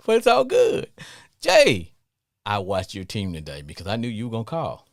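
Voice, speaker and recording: A middle-aged man with a Southern accent hosting a casual sports talk radio show, playful and animated. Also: on the low side, unhurried, gravelly, long pauses, dry recording, studio quality. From Southern US, family from Louisiana. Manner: animated, playful, breaks into song snippets.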